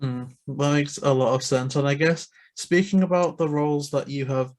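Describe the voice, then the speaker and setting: Eager interview host, slightly high voice. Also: male voice, fairly even intonation, moderate pace, darkish tone. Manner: eager, laughs between questions. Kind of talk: casual interview chat.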